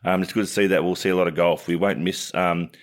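A man's voice: sits low, little pitch movement, fast. A man with an Australian accent co-hosting a sports podcast, talking bluntly in casual chat and laughing through his stories. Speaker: sports podcast co-host, former cricketer.

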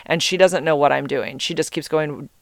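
A middle-aged woman with a low voice and vocal fry tells a personal story at a moderate pace, swearing freely. She rambles and gets easily distracted in this casual storytelling, recorded with no echo.

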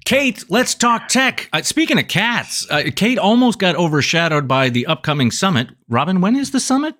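A man's voice: high voice, sing-song, moderate pace, pushed and bright. A man hosting a casual tech podcast, with upbeat, jokey, playful emcee patter. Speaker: podcast host.

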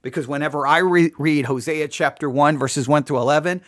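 High-voiced wry male commentator. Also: a little fast, hardly any pauses, a bit bright, no room sound, clean studio sound. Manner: conversational, repeats phrases, wry sarcasm. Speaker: commentator reacting to a sermon clip. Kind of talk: casual spoken commentary.

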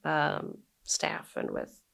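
A woman in her forties, a guest chatting casually in an interview and then reading her own blog aloud. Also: drawn-out words. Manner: relaxed and chatty, reads with emphatic quoted lines. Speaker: guest, blogger and brewery owner.

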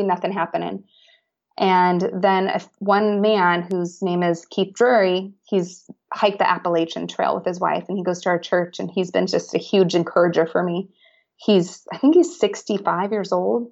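A woman's voice: on the low side, lo-fi sound. A woman guest telling a personal story in a casual, chatty way, with many fillers and restarts. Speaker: podcast guest.

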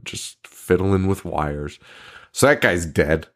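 A man's voice: deep voice, expressive, slow. A young man co-hosting a casual horror movie podcast, swearing a lot, laughing often and acting out movie lines. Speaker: podcast co-host.

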